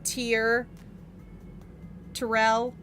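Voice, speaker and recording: A woman's voice: a little high, completely flat delivery, drawn-out words, a bit bright, faint music behind. A woman co-hosting a casual chat, talking in a playful, gushing way about miniatures. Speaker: co-host reviewing miniatures.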